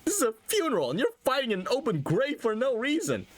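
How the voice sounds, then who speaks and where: Scolding middle-aged queen, shrill and high-pitched, voiced by a man in falsetto-ish register. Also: huge pitch swings, fast, exaggerated voice.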